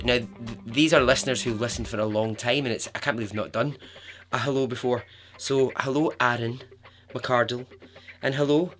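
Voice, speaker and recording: Chatty man telling a story. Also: fairly low pitch. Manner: chatty, expressive, with asides. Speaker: podcast host. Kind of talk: casual podcast storytelling.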